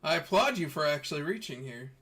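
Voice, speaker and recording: A man's voice: on the high side, expressive, fast, a bit bright. A man voicing an armored undead man whose soul is bound in his armor, making offhand threats in a tabletop game role-play. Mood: applauding.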